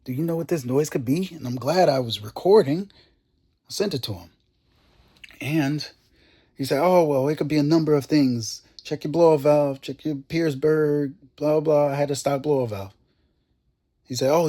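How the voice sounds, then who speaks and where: A man's voice: mid-range voice, slightly rough. A young man vlogging about his car, telling a long story in a casual rant and acting out the conversations he quotes. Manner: animated, acts out quoted conversations.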